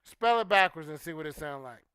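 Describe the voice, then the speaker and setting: A man hosts a casual chat show, talking loosely and trailing off into soft "you know"s between points. His voice is bright, crisp and a little higher than usual for a man. The sound is dry and close. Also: a little fast, no room sound. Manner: relaxed and conversational, with frequent "you know" and "um", trailing off quietly. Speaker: host of a livestream talk show. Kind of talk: casual chat, reading and answering viewer comments.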